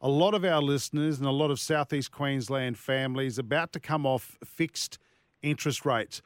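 A man's voice: medium pitch, moderate pace, dry recording, studio quality. An Australian man hosting a casual radio show, chirpy and joking with his guests. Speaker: radio host. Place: radio studio. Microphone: studio mic.

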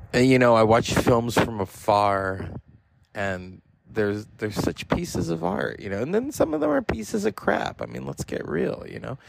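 A man in his forties hosts a podcast, rambling through casual personal stories with lots of profanity and fillers. His voice is lowish and gravelly, and the low-quality recording has slight background noise.

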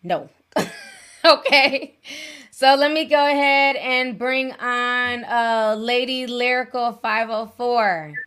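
A woman's voice: fairly high pitch, slow pace, a bit bright, clear, resonant tone. A woman hosting a live call-in show, chatty and affectionate with her callers. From Minnesota.

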